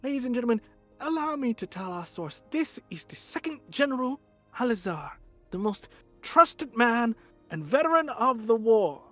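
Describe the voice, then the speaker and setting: A man's voice: very high-pitched, big pitch swings, normal speed, pushed and bright, soft background music, pitched above the performer's own voice, full character voice. A man voicing a composed woman counselor who addresses a courtroom formally.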